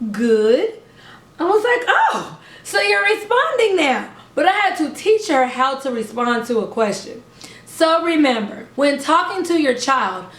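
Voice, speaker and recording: A young woman, a preschool teacher, giving an upbeat lesson to parents in a slow, carefully over-enunciated way. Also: sits high, fairly bright tone, roomy sound. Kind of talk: instructional talk to camera.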